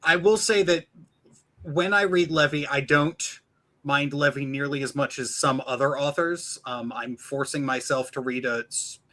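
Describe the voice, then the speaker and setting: A man's voice: medium pitch, steady tone, unhurried, bright, forceful tone, low-quality recording. A man chatting casually on a stream, stumbling over restarts and slipping into a mock announcer voice to quote books. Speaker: podcast guest.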